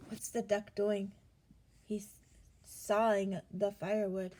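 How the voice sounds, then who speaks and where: A woman reading a picture book aloud to children, pausing to ask them gentle questions. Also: fairly high pitch, expressive. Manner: gentle, asks the listener questions, gasps for effect.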